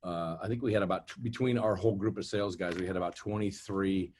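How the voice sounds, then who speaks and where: Low-voiced guy swearing and rambling on a group call. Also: fairly even intonation, quick pace, darkish tone, a little hiss or hum. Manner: profane, rambling storyteller. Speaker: panelist on industry call. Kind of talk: casual chat.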